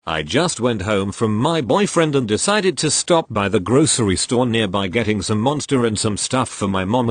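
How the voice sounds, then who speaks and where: Narrating from a script, a husky-voiced man with a somewhat low pitch reads posts from the internet in an evenly paced, unwavering manner. There's no room ambience at all; the sound is completely dry.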